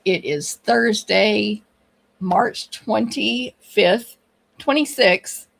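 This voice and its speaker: An animated, middle-aged Texan woman with a Texan accent hosts a relaxed live stream, greeting viewers by name one after another as she chats. She teaches papercraft. Her mid-range voice is unhurried, slightly rough, and has vocal fry.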